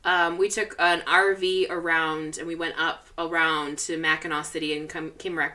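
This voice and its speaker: A woman's voice: deep voice, little pitch movement, moderate pace, bright, forceful tone. A young woman co-hosting a podcast, telling a story in casual chat with many restarts and fillers. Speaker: podcast co-host.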